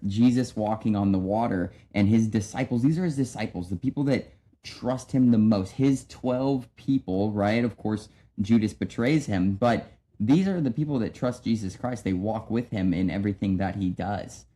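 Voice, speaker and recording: A man's voice: on the low side, normal speed, warm tone. A young man hosting a podcast, giving a casual devotional talk with frequent restarts and asides to his listeners. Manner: conversational, many restarts and "right?". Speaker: podcast host.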